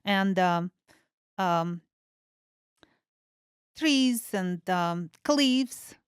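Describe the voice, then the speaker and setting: A woman's voice: fairly low pitch, animated, very slow, clear, resonant tone, no echo, clean studio sound. A woman guest in a casual interview who searches for words, with many fillers. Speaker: guest artist.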